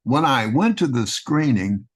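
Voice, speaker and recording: An older man from Texas with a Texan accent, telling animated stories as an actor guest and slipping into a broadcaster voice. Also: medium pitch, unhurried. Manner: animated anecdotes with broadcaster-voice impressions. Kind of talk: casual storytelling.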